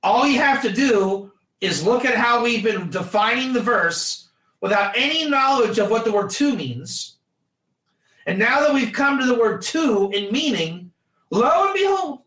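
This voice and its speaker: A man's voice: extremely high pitch, pushed and bright, roomy sound. A man teaching a Torah class in an emphatic, repetitive lecture style, quizzing his students by name.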